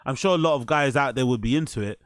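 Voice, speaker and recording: A man's voice: mid-range voice, quick pace, no echo, studio quality. A man hosting a reaction show, talking in a crude, rambling way and laughing easily. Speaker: host. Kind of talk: reaction commentary.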